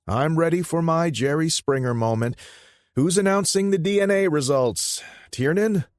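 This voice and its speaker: A man's voice: fairly high pitch, normal speed, dry recording, clean studio sound, pitched above the performer's own voice, lightly acted. A man putting on a wisecracking young mobster. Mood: joking. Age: young adult. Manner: wisecracking, mocking. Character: brash joking younger male mafia brother.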